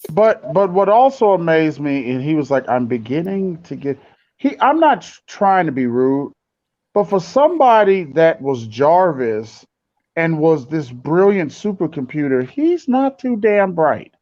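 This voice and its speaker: A man's voice: on the high side, sing-song, a little slow, a little mellow, lo-fi sound. A man co-hosting a casual chat about a TV episode, speaking emphatically and acting out his own reactions. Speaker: podcast co-host.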